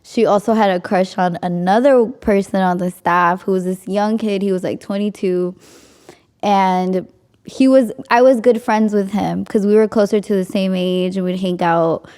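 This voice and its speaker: The podcast host, a young woman, is telling a story in a chatty, laugh-filled way, with plenty of "like" thrown in. She talks at a moderate pace, and her medium-pitched voice is mellow and smooth.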